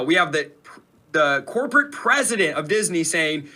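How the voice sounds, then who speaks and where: A man's voice: fairly high pitch, sing-song, moderate pace, sharp tone. A man hosting a commentary show, talking emphatically and indignantly straight to his viewers. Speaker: host. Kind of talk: commentary on played clips.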